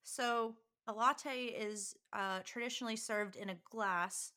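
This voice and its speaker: A woman's voice: fairly high pitch, fairly even intonation, a little slow, bright, forceful tone. A woman co-hosting a podcast, chatting and explaining things with frequent laughs. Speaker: podcast co-host. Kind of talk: casual chat.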